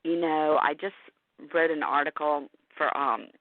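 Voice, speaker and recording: A woman's voice: deep voice, a little slow. A middle-aged woman talks openly and with feeling in a casual interview. Her voice comes through a tinny, phone-like line. The sound is dry and close, with no room echo. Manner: emotional, candid, animated storytelling with laughs. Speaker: podcast host and caregiver guest.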